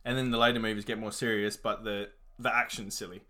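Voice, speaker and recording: A man's voice: lowish voice, flat delivery, fast, pushed and bright. A young man chatting casually about films, rambling with lots of fillers and swearing. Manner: laid-back, rambling, many fillers and swearing. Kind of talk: casual chat reviewing movies.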